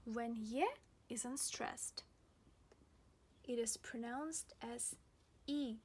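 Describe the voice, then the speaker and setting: A young woman teaching a pronunciation lesson, speaking slowly and deliberately and repeating each example word several times. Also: a little high, steady tone, darkish tone, slightly rough. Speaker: language teacher.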